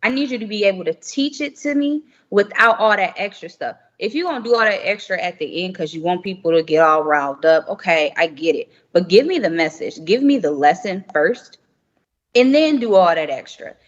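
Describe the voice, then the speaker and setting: Over muffled remote audio with a long reverb tail, a young female podcast guest talks frankly and with emphasis in a relaxed conversation, frequently breaking into laughter. She speaks fairly quickly in a lowish voice with lively intonation.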